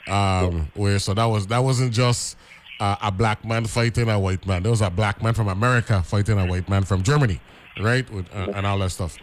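A man's voice: lowish voice, steady tone, normal speed, slight background noise. A man hosting a radio talk show, rambling with many repeated words and asking "right?" often. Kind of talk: casual radio chat.

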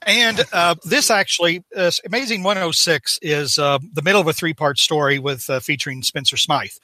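A man guesting on a podcast, recapping a comic in a casual, halting way full of "uh" and "um". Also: fairly high pitch, sharp tone, no room sound.

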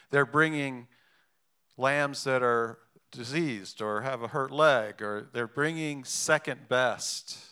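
A man's voice: medium pitch, bright, forceful tone, smooth. A man preaching a sermon in a conversational way, with asides and restarts. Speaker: pastor.

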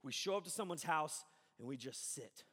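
A man preaching a sermon as pastor, animated and conversational, acting out the voices of people he quotes. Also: on the high side, normal speed, breathy edge, long reverb tail.

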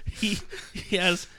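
Male host, bright tone, casual, mock-reads passages with laughs and fillers. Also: high-pitched. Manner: mocking, laughing while reading, many fillers. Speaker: podcast host reading a book aloud. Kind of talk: casual chat, reading passages aloud.

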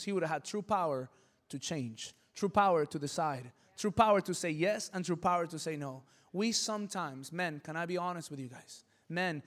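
High-voiced preacher man in a hall. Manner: preaching with sudden loud build-ups and rhetorical questions. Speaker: pastor. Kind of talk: sermon.

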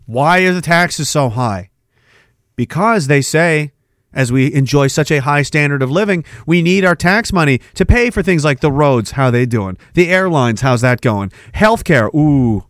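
Angry sarcastic man ranting, high voice. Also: expressive, unhurried, dry recording, clean studio sound. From Canada. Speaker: livestream host reading chat. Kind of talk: ranting political livestream.

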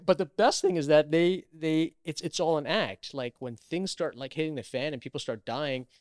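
A man's voice: on the high side, moderate pace, dry recording, clean studio sound. A man, an actor, chatting as an interview guest, telling stories animatedly with many restarts. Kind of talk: casual interview chat.

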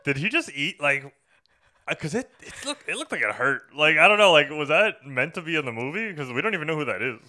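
Young male podcast co-host, bright edge to the voice, loose and profane storyteller. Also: on the high side, very animated, a little fast. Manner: loose, swears a lot, tells stories animatedly. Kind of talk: casual movie-review chat.

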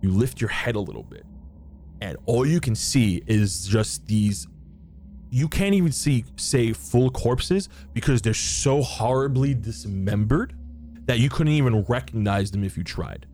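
A man's voice: medium pitch, animated, a little mellow. A man running a tabletop game, narrating a scene in a plain mid-range voice. He stops and restarts often, padding with fillers as he thinks aloud. A faint room hum sits behind him. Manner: descriptive, halting, with many fillers and restarts. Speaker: game master.

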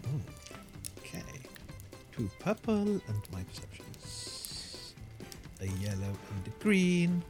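A man's voice: a little high, big pitch swings, slow pace, long pauses, darkish tone, soft background music. A man talking casually as a player at a tabletop game.

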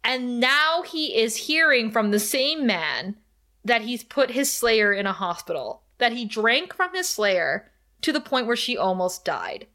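A woman's voice: on the high side, big pitch swings, a little slow, sharp tone. A woman co-hosting a podcast, animatedly retelling an episode, laughing often and acting out the characters' lines. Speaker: podcast co-host. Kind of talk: casual recap chat.

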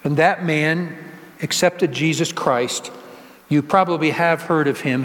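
A man's voice: fairly high pitch, a little slow, fairly bright tone. A male pastor giving a conversational sermon, asking the congregation rhetorical questions and joking with them. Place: church sanctuary. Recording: long reverb of a church hall.

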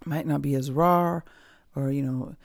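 A woman's voice: sits low, fairly even intonation, unhurried, creaky, dry recording, clean studio sound. A woman hosting a personal podcast from home, talking candidly in a rambling, reflective way with many fillers and restarts. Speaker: podcast host. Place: at home, dogs nearby.

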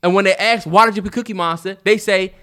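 Young dmv guy on a podcast, high bright voice, laughs a lot. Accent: DMV African American English. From DC-Maryland-Virginia area. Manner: animated, laughs often, quick back-and-forth. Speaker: podcast co-host. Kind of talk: casual chat.

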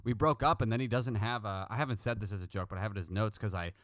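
Storytelling comedian, dry close mic. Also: male voice, quick pace, no room sound. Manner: storytelling, acts out quoted people in loud jumps of pitch. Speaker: comedian guest. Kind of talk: casual podcast chat.

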